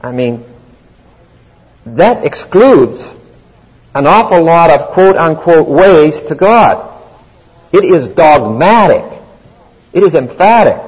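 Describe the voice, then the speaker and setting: Slow, husky male Bible teacher. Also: a little high, a little mellow. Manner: deliberate, emphatic explaining. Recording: long hall reverb.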